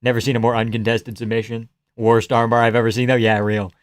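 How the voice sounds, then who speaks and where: A young man hosting a livestream, reacting to a fight with casual, profane commentary, yelling advice at the fighters and laughing often. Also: medium pitch, fast talker. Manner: excitable, profane, yells at fighters, frequent laughs. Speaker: livestream host.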